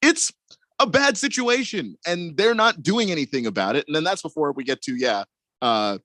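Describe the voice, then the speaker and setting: A man's voice: a little high, sing-song, fairly quick, a bit bright, no room sound. A man co-hosting a sports radio show, chatting casually and adding wry commentary. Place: radio studio.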